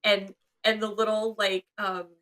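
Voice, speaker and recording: Young woman podcast co-host, bright tense tone, animated and chatty. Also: medium pitch, measured pace. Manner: animated, acts out characters' lines. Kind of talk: casual movie chat.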